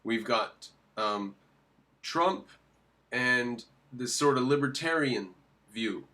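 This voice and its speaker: A man in the middle of opinionated commentary, with a voice of ordinary pitch. He presses his points hard, asking rhetorical questions and answering them at once. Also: animated, takes it slowly, pushed and bright. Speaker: political commentator reacting to a video clip.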